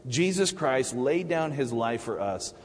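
A man's voice: mid-range voice, lively intonation. A man giving a church sermon. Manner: halting, many restarts and fillers, warm laughs. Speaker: church speaker. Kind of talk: Mother's Day sermon. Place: church sanctuary. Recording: long hall reverb.

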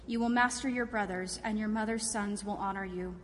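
A woman's voice: mid-range voice, steady tone, a little hiss or hum, close to an everyday voice. Isaac, a woman reading an old solemn father. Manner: solemn, measured. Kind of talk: dramatic scripture reading. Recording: reverberant church hall.

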